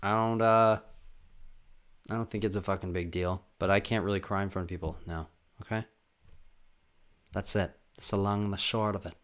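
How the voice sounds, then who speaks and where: Young man, low-pitched, rambling, self-deprecating, casual solo podcast host. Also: steady tone, normal speed, pauses often, clear, resonant tone. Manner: rambling, self-deprecating, jumps into loud sung and acted bits.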